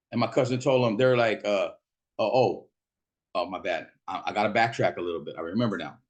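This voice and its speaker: A middle-aged man from Fresno, California, with a medium-pitched voice tells a personal story. The monologue is casual and profane, and he acts out the voices of the people he quotes.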